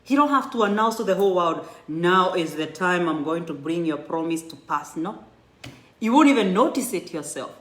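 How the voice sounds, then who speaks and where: A woman's voice: on the low side, lively intonation, normal speed. A woman in her thirties giving an earnest, encouraging personal testimony to a church, often restarting her sentences. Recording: echoey room.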